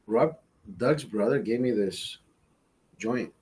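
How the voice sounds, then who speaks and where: A man's voice: medium pitch, slow pace, darkish tone, breathy edge. A man hosting a casual livestream, chatting with viewers in a rambling, profane and giggly way. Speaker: livestream host.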